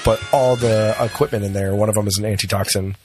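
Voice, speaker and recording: A man's voice: lowish voice, steady tone, quick pace. Casual joking man with music behind. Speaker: player. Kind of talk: tabletop game chat.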